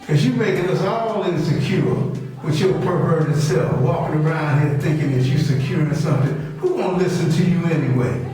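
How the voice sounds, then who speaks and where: A man's voice: high-pitched, a little mellow. Middle-aged male preacher, confrontational rebuke; recorded far off in a very echoey room with faint music. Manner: scolding, repetitive, confrontational, dialect speech. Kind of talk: fiery sermon rebuke.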